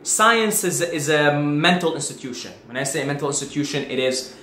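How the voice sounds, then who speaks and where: A man's voice: a little high, animated, moderate pace, bright, forceful tone. A man talking casually to his viewers from home as a spiritual video host, acting out his own panic as he tells a story. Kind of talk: casual spoken monologue. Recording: echoey room, faint background hiss.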